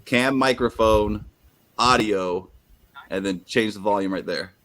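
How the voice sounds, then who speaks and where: A man's voice: fairly low pitch, a little slow, fairly bright tone. A man co-hosting a live stream in casual banter, brash and joking, swearing freely. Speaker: co-host of a wrestling watch-along stream.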